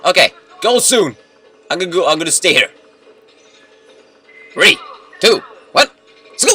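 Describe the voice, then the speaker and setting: Young male gamer, bright and animated, excitable, faint game music underneath. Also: high-pitched, measured pace, pauses often, slightly rough. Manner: excitable, shouts and yells at the game. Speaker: let's play gamer. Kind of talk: game commentary. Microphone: computer mic.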